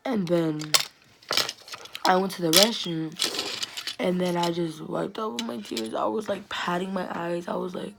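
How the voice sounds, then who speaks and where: A teenage girl vlogs a casual storytime about her school friends, chatty and rambling as she acts out the quotes. Her voice is fairly low, gravelly and unhurried, with noise in the background.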